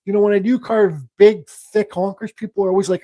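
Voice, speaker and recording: Mellow-voiced man chatting while he carves. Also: high-pitched, fairly even intonation, fairly quick, no room sound. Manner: rambling, thinks aloud while working; reads viewer questions aloud. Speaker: woodcarving livestream host. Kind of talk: casual live demonstration chat.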